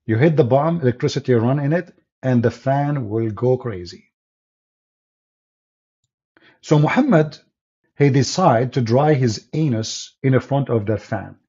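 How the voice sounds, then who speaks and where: A man's voice: medium pitch, mellow, highs cut off. A man speaking non-native English with broken grammar, delivering mocking, emphatic religious polemic and often laughing scornfully. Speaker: religious debater.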